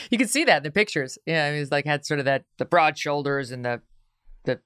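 A woman's voice: deep voice, lively intonation, a little fast, a bit bright, clean tone, no room sound, studio quality. A woman hosting an interview, asking articulate, leading questions in a conversational way. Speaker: interview host.

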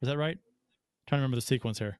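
A man with a smooth, clear, mid-pitched voice recaps game plays on a hockey podcast. He talks haltingly, with plenty of fillers. The recording is dry and close. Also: dry recording. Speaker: podcast host. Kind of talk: casual hockey chat and play breakdown.

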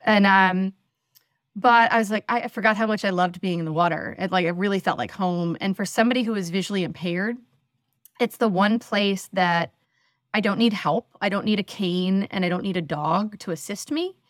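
A woman's voice: mid-range voice, normal speed, no room sound, studio quality. A woman in her forties from the northeastern United States, a podcast guest telling chatty, self-deprecating stories with many fillers. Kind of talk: casual interview storytelling.

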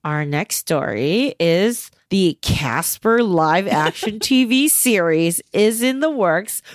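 A woman's voice: lowish voice, lively intonation, slow, no echo, studio quality. A woman co-hosting a casual entertainment chat, enthusiastic and gushing, with casual swearing. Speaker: podcast co-host.

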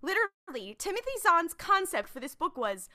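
A woman chatting casually as a podcast panelist, animated and profane, rambling with lots of fillers. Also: very high-pitched, moderate pace. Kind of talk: casual fan discussion.

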